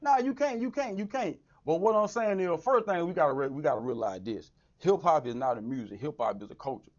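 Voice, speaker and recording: Animated man talking music, lo-fi. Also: fairly high pitch, a little fast. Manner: animated, repeats "right, right" and "you know what I'm saying". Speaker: podcast host. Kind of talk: casual chat. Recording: dull lo-fi audio.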